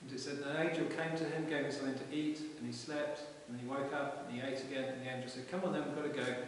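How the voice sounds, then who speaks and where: A man's voice: medium pitch, little pitch movement, fast talker. Man preaching in an echoey church. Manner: informal storytelling with frequent restarts. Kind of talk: conversational sermon. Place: parish church. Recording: echoey church hall from far off with hiss.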